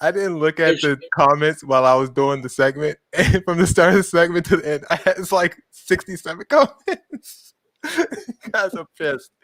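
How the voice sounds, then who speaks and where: A man's voice: a little high, animated, moderate pace, a bit bright, no echo. A man hosting a casual podcast, laughing often as he recaps the news. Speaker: host.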